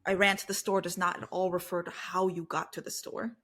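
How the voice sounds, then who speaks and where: A woman's voice: lowish voice, fairly quick. A woman co-hosting a podcast, chatting casually and giving playful everyday examples, with a lot of "like". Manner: lively, playful examples, many "like"s. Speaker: podcast co-host.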